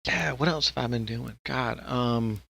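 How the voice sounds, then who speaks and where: A man's voice: medium pitch, unhurried, gravelly, a bit bright, slightly rough. A man co-hosting a podcast in casual, rambling chat, swearing freely and laughing often. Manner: rambling and profane, with frequent laughter. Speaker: podcast co-host.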